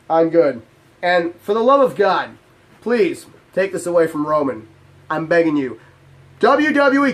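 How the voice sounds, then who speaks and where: A man's voice: high voice, fairly bright tone. A man hosting his own channel, delivering a heated, profane, exasperated rant to camera. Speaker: channel host. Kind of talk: ranting vlog to camera.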